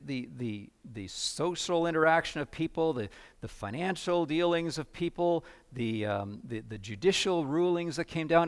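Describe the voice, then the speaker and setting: A male pastor giving a sermon in a conversational way, often stumbling over repeated words. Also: medium pitch. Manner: conversational preaching with dramatic readings and frequent repeated words.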